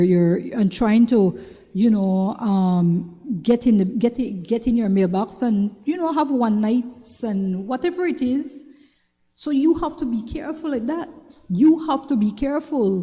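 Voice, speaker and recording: A woman's voice: on the high side, mellow. Chatty Belizean woman host, echoey room. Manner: chatty, repeats herself, asks "you understand?". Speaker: talk show host. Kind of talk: casual advice monologue. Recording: long reverberant room sound.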